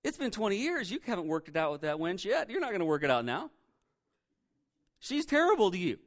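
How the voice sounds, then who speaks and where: Sneering devil voice, as a preacher puts him on. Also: male voice, sits high, sing-song, fast talker. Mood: scornful. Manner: mocking, taunting. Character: sneering male devil whispering doubts.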